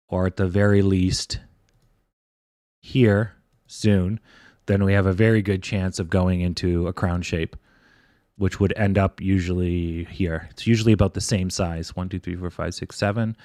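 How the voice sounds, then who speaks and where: Man, low voice, dry close mic, casual rambling streamer. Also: darkish tone, dry recording. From Canada. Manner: casual, rambling, thinking aloud with restarts. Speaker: stock trading streamer. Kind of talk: live stream chart commentary.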